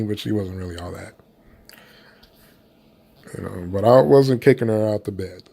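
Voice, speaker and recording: A man's voice: medium pitch, creaky, dark tone. Blunt, profane man with a mid-range voice. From United States. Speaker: commentator. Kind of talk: casual opinion commentary.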